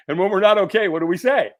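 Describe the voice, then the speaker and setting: A middle-aged man speaks as a guest on a podcast, recounting a personal story. He tells it with animation and slips into the voices of the people he describes. His voice sits a little high and swoops widely up and down. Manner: animated storyteller who acts out quoted voices.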